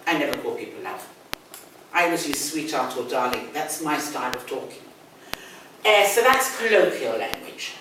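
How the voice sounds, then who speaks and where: An older woman with a London accent teaching English, explaining patiently and repeating key words. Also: on the low side. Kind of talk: one-on-one language lesson. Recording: echoey room, distant mic, faint noise.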